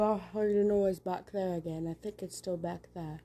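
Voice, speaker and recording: Nervous, hushed young woman with a mellow voice. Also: lowish voice, fairly even intonation, normal speed. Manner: nervous, hushed and rambling, with casual swearing. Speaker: vlogger. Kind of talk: casual handheld vlog. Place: small home indoors at night.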